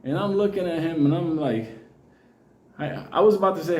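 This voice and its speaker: A man's voice: fairly high pitch, fast talker, a little mellow, reverberant. A Puerto Rican man telling a long personal story in a casual, profane way, often laughing.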